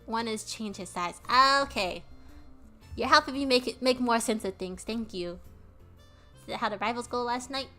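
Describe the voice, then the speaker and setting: A bright-voiced woman streamer chats with her viewers while playing a game. She talks loosely, laughing and asking people in chat how they are. Soft game music runs behind her. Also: on the high side, normal speed, long pauses. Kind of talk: casual let's-play commentary.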